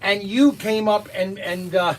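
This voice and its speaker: A man's voice: high-pitched, steady tone, unhurried. A man running a hobby shop, telling long rambling stories and getting defensive when teased, in a store. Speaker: hobby shop owner and show host. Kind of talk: casual storytelling and shop banter.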